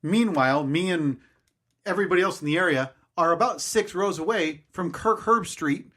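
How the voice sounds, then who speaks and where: A man's voice: high voice, moderate pace, fairly bright tone. A man in his thirties co-hosting a podcast, telling a long story in a casual, rambling, self-mocking way. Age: 30s. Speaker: podcast co-host.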